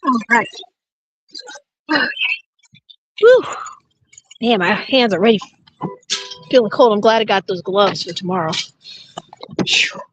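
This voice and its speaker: A woman's voice: mid-range voice, lively intonation, unhurried, pauses often, breathy edge, no room sound, muffled recording. A woman from New Jersey chatting casually on a live stream while shopping and sitting in her car, laughing and exclaiming about the cold. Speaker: vlogger. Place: shopping trip, then inside her car.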